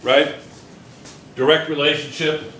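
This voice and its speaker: Slow, bright-voiced man teaching a class. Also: a little high, little pitch movement, echoey room, a little hiss or hum. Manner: questioning, repeats points, coaxes answers. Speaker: chemistry teacher. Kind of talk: classroom lecture.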